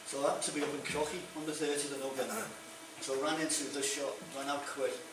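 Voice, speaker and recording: A man's voice: medium pitch, steady tone, fast, far from the mic, very noisy. Liverpool man telling jokes in an echoey hall. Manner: chatty joke-telling, acting out characters. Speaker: stand-up comedian. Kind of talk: stand-up comedy routine. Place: stage in a room with an audience. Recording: echoey room recorded from afar.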